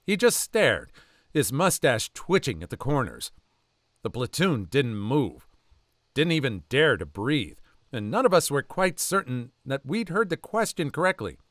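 A man reads online stories aloud, jumping in with quick asides of his own. His voice is mid-pitched and moves freely up and down. The recording is close and dry. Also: no room sound. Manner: animated storytelling with quick asides. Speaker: story narrator.

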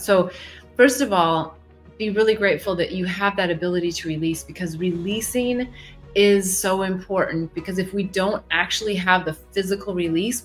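A woman hosting a live advice session, talking in a gentle, reflective way with sudden shifts in pace. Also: lowish voice. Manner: gentle, reflective, with quick shifts in pace and playful quoted voices. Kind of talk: casual live coaching talk.

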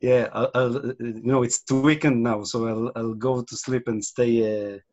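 Man, Israeli accent, webinar presenter, halting delivery, mid-pitched voice, video-call mic. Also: steady tone, darkish tone. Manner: hesitant, many fillers and restarts. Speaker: guest presenter.

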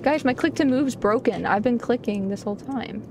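A young woman streaming a game live, excitable and chatty with her viewers, often gasping and giggling. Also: a little high, moderate pace, background noise. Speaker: gaming streamer. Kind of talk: live gameplay commentary.

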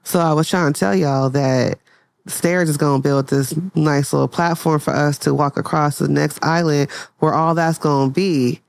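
A woman's voice: sits low, fairly even intonation, normal speed, vocal fry, no echo. A woman playing her character in an improvised role-play, brash and bossy, trash-talking. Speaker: guest player.

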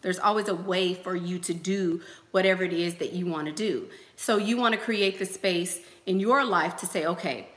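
A woman's voice: fairly low pitch, moderate pace, hardly any pauses, a bit bright, reverberant. A woman hosting a casual livestream, giving advice in a chatty way, repeating phrases and using lots of fillers. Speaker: host.

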